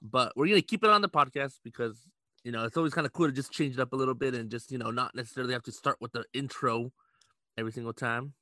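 A man's voice: medium pitch, quick pace, sharp tone, dry recording. A young man hosts a casual podcast, loose and laughing, with plenty of swearing. His voice sits in a middle range. It is recorded close and dry, with no room sound. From Los Angeles, USA. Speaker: podcast host. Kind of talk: casual chat.

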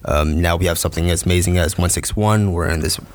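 Deep-voiced young man, easygoing. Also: fairly even intonation, fast talker, a little hiss or hum. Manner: easygoing, grateful storytelling with fillers. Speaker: podcast guest. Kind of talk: casual chat.

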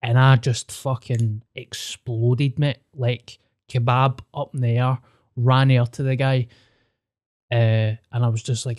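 Young Scottish guy, swearing, animated anecdote, dry close sound. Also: medium pitch, takes it slowly, no echo. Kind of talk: casual storytelling chat.

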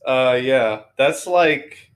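A man's voice: mid-range voice, drawn-out words. A young man in casual podcast chat, blunt and edgy, tossing out jokes and trivia.

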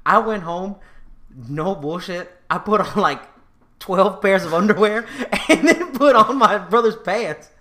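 A man's voice: high-pitched, unhurried. A young man casually telling childhood stories, acting out voices and laughing often. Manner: animated storyteller, acts out voices, laughs often. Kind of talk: casual storytelling chat.

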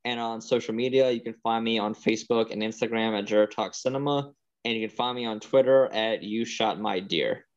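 A man's voice: lowish voice, brisk. Man, casual podcast chat, rambling easygoing talk, muffled lo-fi mic. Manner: rambling, laid-back, swears. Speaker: podcast co-host. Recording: slightly dull lo-fi sound.

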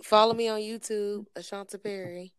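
A woman's voice: medium pitch, fairly even intonation, moderate pace, a crowd in the background. A woman guest on a podcast, chatting casually and hesitating with fillers. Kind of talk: casual chat.

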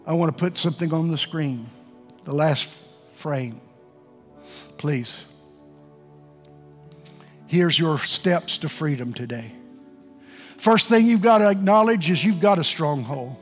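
A male pastor preaches in a church, his high voice leaping from soft, slow pleading up to shouts. His drawn-out delivery rings with the long reverb of a large hall. Faint music plays underneath. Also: expressive. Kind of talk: sermon.

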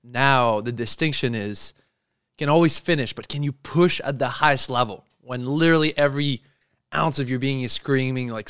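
A man's voice: mid-range voice, normal speed, a bit bright, clear, resonant tone, no echo. Earnest man answering, dry close sound. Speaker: guest, endurance athlete. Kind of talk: casual interview answers.

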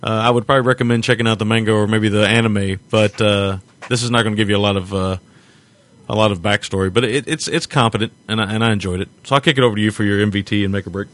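A man with a lowish, steady, fairly bright voice co-hosts a podcast and speaks fast about a movie. The casual review chat is loose and jokey, full of laughs and rambling.

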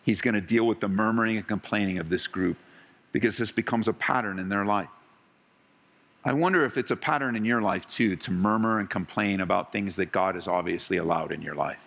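A man preaching a sermon to his congregation, talking conversationally and swinging between lively and hushed delivery. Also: lowish voice, fairly quick, gravelly. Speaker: pastor. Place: church hall. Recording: long hall reverb.

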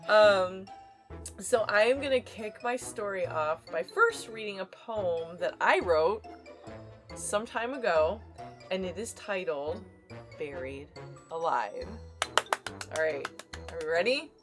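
A woman's voice: medium pitch, animated, slow pace, pauses often, faint music behind. A woman hosting a casual podcast, chatting through stories. She laughs easily and talks in a loose, conversational way. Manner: giggly, chatty storyteller. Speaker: podcast host. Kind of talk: casual chat.

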